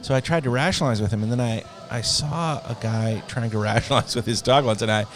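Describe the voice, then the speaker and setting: A man co-hosting a casual chat, talking in a dry, deliberate way with many pauses and fillers. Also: mid-range voice, a crowd in the background.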